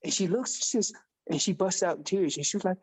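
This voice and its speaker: A man guest on a podcast, telling a hunting story in a casual, animated way and acting out the dialogue. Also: sits high, fast, breathy edge. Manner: animated storyteller who acts out quoted dialogue. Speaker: podcast guest, elk calling champion.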